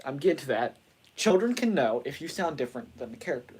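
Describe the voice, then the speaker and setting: A man's voice: medium pitch, very animated, fast talker, darkish tone, husky. Rambling man in casual chat. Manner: rambling, restarts sentences often.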